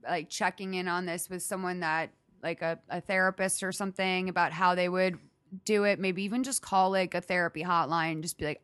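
A woman's voice: on the low side, a bit bright, clean tone, dry recording, studio quality. A woman hosting a podcast, giving blunt, profane advice in casual chat. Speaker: podcast host.

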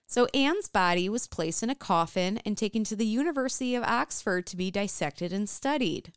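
Lively, smooth-voiced young woman storyteller. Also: mid-range voice, normal speed, no room sound, studio quality. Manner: animated, swears a lot, breaks into laughter. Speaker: podcast host telling a true story. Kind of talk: casual chat.

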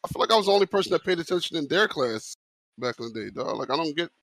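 Animated slangy man, dry close sound. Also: a little high, very fast, dry recording. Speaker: podcast co-host. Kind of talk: casual group chat.

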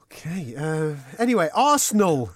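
A man with a slightly raised pitch hosts a podcast in loose, joking banter, ribbing his co-host and swearing as he goes. The sound is close and dry, with no room around it. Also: sing-song, moderate pace, no echo. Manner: jokey, swearing, teasing. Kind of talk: casual banter.

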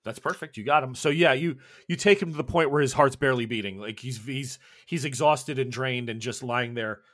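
A man's voice: medium pitch, fairly quick, fairly bright tone. A man narrating as game master of a tabletop horror game, describing scenes with frequent restarts.

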